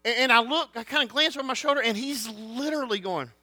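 A man delivers an animated sermon in a high, bright voice. He swings from loud declarations down to hushed storytelling. The sound is dry and close, with a faint mains hum underneath. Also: fast talker, no room sound. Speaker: pastor.

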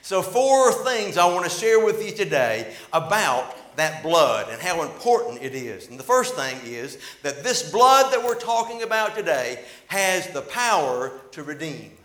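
Pastor, male, sermon with storytelling, rises to loud peaks and falls quiet, fairly high voice, echoing sanctuary. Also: big pitch swings, a little slow, few pauses. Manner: storytelling preacher, swells loud and drops soft. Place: church sanctuary. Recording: echoey church hall.

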